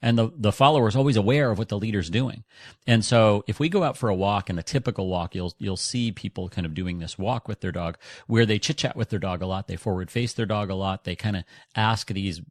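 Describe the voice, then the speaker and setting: A man who trains dogs, teaching in a relaxed podcast episode and often restarting his sentences. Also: fairly low pitch, brisk, no room sound. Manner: conversational, frequent restarts and hedges. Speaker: dog trainer and podcast host. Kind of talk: instructional podcast talk.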